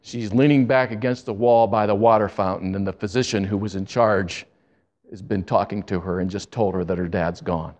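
A man's voice: on the low side, steady tone, darkish tone. Man telling an earnest sermon story. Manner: earnest storyteller who acts out the quotes, slowing for emphasis.

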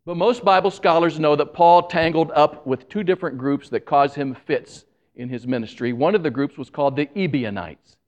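Male pastor, slightly higher voice, lively preaching delivery with asides to the congregation. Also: lo-fi sound. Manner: animated, jokes with the congregation; admits he talks fast when excited. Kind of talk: sermon.

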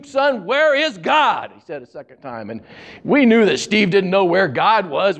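A man in his seventies from Ohio, preaching in a folksy, anecdotal storytelling way and chuckling at his own tales. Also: high voice. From Ohio, USA. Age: 70s. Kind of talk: storytelling sermon.

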